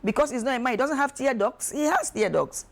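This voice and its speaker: A woman, speaking as an expert guest on a talk show, emphatic and animated, acting out quoted voices. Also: sits high, a little fast. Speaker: guest expert on emotional wellbeing. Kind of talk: studio talk show discussion.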